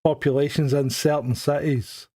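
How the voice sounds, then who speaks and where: Fairly high-voiced man from Scotland, loose and joking, co-hosting a live chat show. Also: steady tone, moderate pace, a loud crowd. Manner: chatty, joking, trailing restarts. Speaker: co-host of a live stream. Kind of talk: casual chat.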